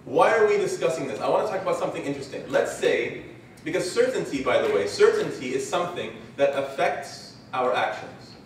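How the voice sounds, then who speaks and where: A man giving a religious lecture at a conference, a lively storyteller who acts out his examples. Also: medium pitch, brisk, slight background noise. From Canada. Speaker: conference speaker. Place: large conference hall. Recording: echoey hall, distant mic, faint ambience.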